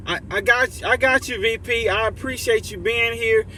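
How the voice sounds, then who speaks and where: A man's voice: moderate pace, few pauses, noisy background. A man hosting a motivational livestream, talking casually and emphatically to his community and reading chat messages aloud. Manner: drops to soft low voice for heartfelt thanks.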